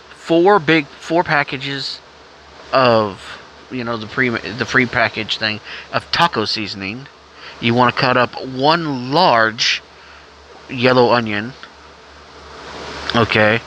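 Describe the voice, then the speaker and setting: A man's voice: medium pitch, pushed and bright. Coughing man rambling bluntly, noisy background. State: has a cough. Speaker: vlogger. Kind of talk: rambling casual monologue.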